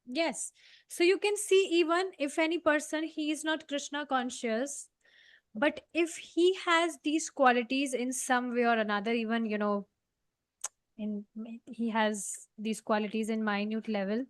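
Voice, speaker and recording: A woman's voice: a little high, a little slow, no room sound. A woman leading a devotional scripture class, explaining earnestly with many fillers. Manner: earnest, explaining, frequent "you know" fillers. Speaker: study group leader.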